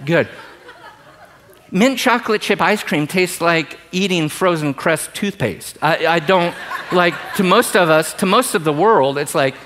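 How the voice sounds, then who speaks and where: A middle-aged male pastor preaching a sermon in an animated, joking way, swinging from loud emphasis to hushed asides. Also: high-pitched, unhurried.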